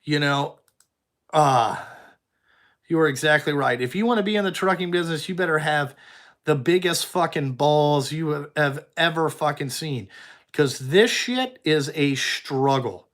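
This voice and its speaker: Young trucking boss, fairly high-voiced man, blunt and profane, rambling live chat with viewers. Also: animated, measured pace, a bit bright. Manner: blunt, heavy swearing, rambling. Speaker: trucking company owner. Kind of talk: casual livestream chat answering viewers.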